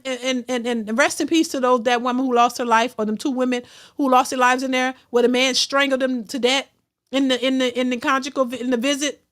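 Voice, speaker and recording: A middle-aged woman talks casually to her livestream viewers, thanking them for super chats as she goes. She is blunt and outspoken, and she often stumbles and restarts. Her voice sits a little high for a woman. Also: a bit bright. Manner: outspoken, repeats herself, frequent restarts. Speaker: host of a reaction livestream.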